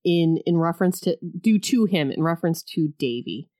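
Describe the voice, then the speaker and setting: A woman co-hosting a podcast, chatting casually about a film, animated and joking, often breaking into quick laughs. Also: low voice. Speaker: podcast co-host.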